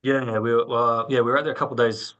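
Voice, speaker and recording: A man's voice: medium pitch, flat delivery, quick pace, a bit bright, lo-fi sound. A man from Australia in a metal band, answering questions in a laid-back, joking way. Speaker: band member. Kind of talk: casual interview chat.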